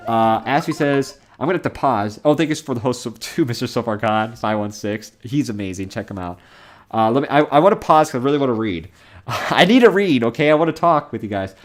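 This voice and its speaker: A man's voice: mid-range voice, animated, a little fast. A young man streaming a game from home, chatting casually, rambling and laughing as he reads chat comments aloud.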